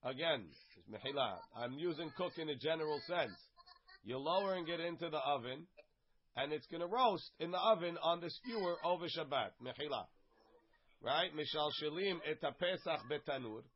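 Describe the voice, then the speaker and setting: Man, text study teacher, casual lesson, reads and explains line by line, slightly high voice, dull lo-fi recording. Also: expressive, normal speed. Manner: reads a phrase, then translates and explains it plainly. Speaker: teacher of a Talmud class. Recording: dull, lo-fi sound.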